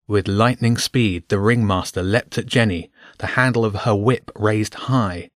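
A man narrates a children's adventure audiobook in an even, measured way. His voice sits on the low side, and the sound is close and dry with no room echo.

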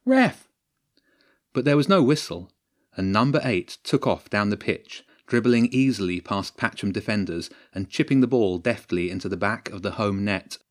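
A man reads a story aloud in a low, steady voice, measured and even like an audiobook narrator.

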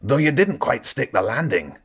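A man's voice: mid-range voice, expressive, moderate pace, husky, pitched above the performer's own voice. A man voicing a cheerful, jaunty guard with a lifted voice.

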